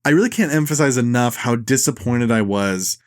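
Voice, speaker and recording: A man's voice: medium pitch, fairly quick. A man co-hosting a podcast in casual chat, sarcastic and mocking, laughing often as he talks. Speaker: podcast co-host.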